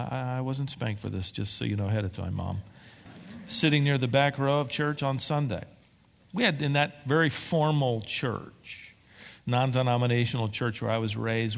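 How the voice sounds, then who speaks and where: A man preaching a sermon as pastor, telling stories with emphatic, animated delivery. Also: mid-range voice, vocal fry, big-room sound. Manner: animated storytelling, emphatic swings.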